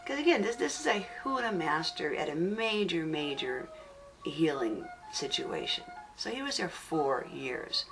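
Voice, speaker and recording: A woman with a low voice gives a spiritual teaching for an audio CD. She speaks slowly and earnestly, leaning on key words and repeating them as she tells the story. She sits a little away from the mic, with music playing underneath. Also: huge pitch swings, distant mic, low-quality recording.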